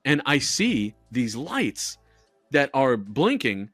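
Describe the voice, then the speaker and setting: A man's voice: mid-range voice, very animated, takes it slowly, a bit bright, dry recording. A young man co-hosting a podcast in loose, casual chat. He swears freely and laughs his way through stories, with faint music under his voice. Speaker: podcast co-host.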